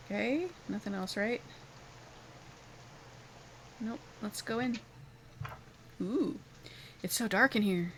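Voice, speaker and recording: A woman's voice: mid-range voice, slow, pauses often, a bit bright, slight background noise. A young woman casually commenting on a game she is playing, laughing often and reading its text aloud. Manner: giggly, apologetic, reads game text aloud. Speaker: gaming streamer. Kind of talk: casual let's-play commentary.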